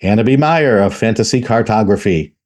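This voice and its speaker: A man hosting a tabletop gaming podcast, reading out patron credits in a steady, even way. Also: fairly low pitch, a little fast. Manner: steady, even delivery reading a list of names. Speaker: podcast host.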